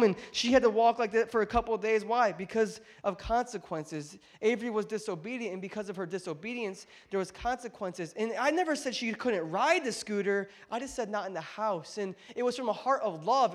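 A male pastor preaching a sermon in a church, telling a family story in an animated, joking way and speaking straight to the congregation. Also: high-pitched. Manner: animated, jokey storyteller who addresses the congregation directly. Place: church auditorium.

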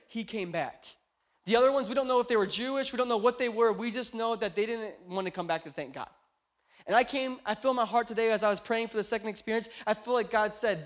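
A man in his thirties preaching a sermon as pastor, swinging between loud shouts and hushed, chatty storytelling. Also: very high voice, quick pace. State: tired, short on sleep.

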